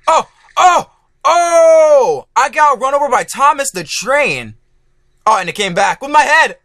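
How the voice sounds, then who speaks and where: A high-pitched man giving let's play commentary, his voice bright and bouncing up and down. He swears freely and shouts at the game, then groans when he fails. The sound is dry and close. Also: no echo. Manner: excitable, swears a lot, yells at the game; groaning frustration at failures. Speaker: gaming YouTuber.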